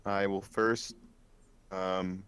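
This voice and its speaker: A man's voice: low voice, little pitch movement, very slow, fairly bright tone, clear, resonant tone. A man playing a tabletop game, easygoing and playful. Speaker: player.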